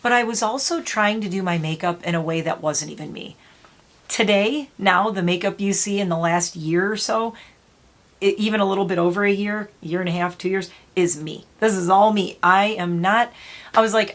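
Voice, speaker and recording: A woman in her fifties talking to camera in a casual, rambling way, blunt and sweary with quick self-mocking asides, her throat dry enough that she clears it now and then. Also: mid-range voice. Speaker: beauty YouTuber.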